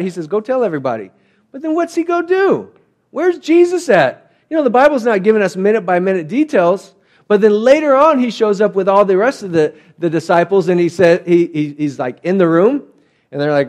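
Conversational pastor with a higher voice. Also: male voice, lively intonation, fairly quick, a little mellow. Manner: conversational storytelling, acting out quotes. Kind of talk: sermon.

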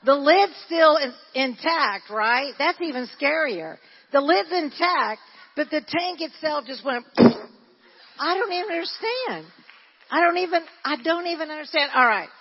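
A woman pastor preaching a sermon, telling a story with animated energy and shouting at its high points. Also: a little slow, slight background noise. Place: church hall. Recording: dull lo-fi recording in a church hall.

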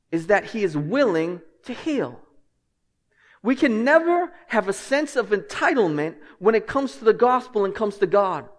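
A man preaching a sermon as pastor, moving between quiet, low passages and loud, emphatic ones. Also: long reverb tail.

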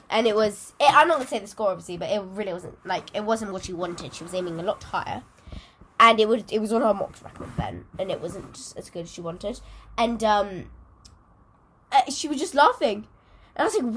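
A woman's voice: mid-range voice, animated, a little fast, a bit bright, a little hiss or hum. A teenage girl co-hosting a podcast, chatting in a rambling, giggly way. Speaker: podcast co-host. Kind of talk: casual chat.

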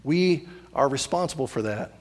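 A man preaching a sermon as pastor, animated and repetitive, acting out little voices as he tells a story. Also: medium pitch, moderate pace, long reverb tail.

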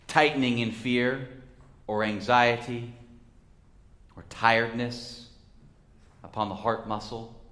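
A man's voice: on the low side, fairly bright tone, echoey room. Man preaching a reflective sermon. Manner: reflective, measured delivery with dramatic pauses. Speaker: pastor.

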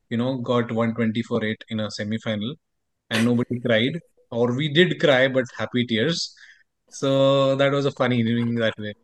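A man's voice: mid-range voice, no room sound. A man in his thirties from India, chatting casually as a podcast co-host and telling stories in a rambling, hesitant way. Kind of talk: casual chat.

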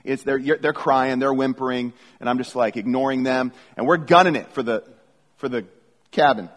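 A man's voice: medium pitch, moderate pace. A middle-aged man preaching a sermon as a pastor, reading scripture and telling stories casually, often restarting his phrases. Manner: conversational storytelling with repeated restarts. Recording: long hall reverb.

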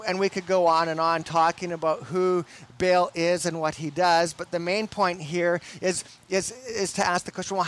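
A young man preaching a sermon in a deliberate, emphatic way, often repeating his words. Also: high voice, fairly bright tone. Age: young adult.

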